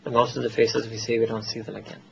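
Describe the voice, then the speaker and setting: A man's voice: mid-range voice, level tone, fast talker, gravelly, a little mellow, slightly rough, lo-fi sound. A man with an American accent giving a religious lecture to a gathering, conversational, slipping into Urdu phrases and laughing at his own asides. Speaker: Islamic teacher.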